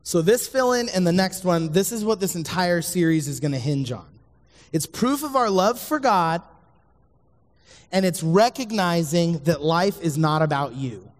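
A man preaching a sermon as a youth pastor, speaking earnestly to his listeners and repeating the key lines. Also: sits high. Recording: long hall reverb.

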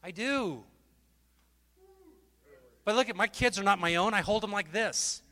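A man preaching a sermon from a festival stage, fervent and emotional, swinging from loud exhortation to hushed talk. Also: high voice, a little slow, in a large hall. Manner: emotional, repeats and restarts words.

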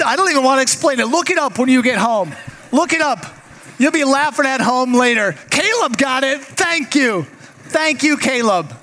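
A man preaching as a pastor, joking with the congregation in an animated, self-deprecating way. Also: very high-pitched. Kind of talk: sermon. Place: large church hall. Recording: long reverb of a large hall.

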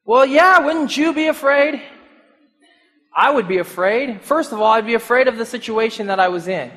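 A man's voice: extremely high pitch, moderate pace, big-room sound. A man preaching a sermon, asking his listeners questions and chuckling now and then. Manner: animated, rhetorical questions, chuckles often.

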